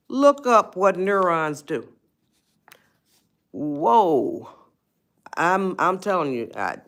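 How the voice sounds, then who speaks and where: A woman's voice: on the low side, fairly bright tone. A woman hosting a live stream, giving an emphatic motivational talk and often checking in with "you see?". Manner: emphatic, repeats "you see?", addresses viewers as y'all.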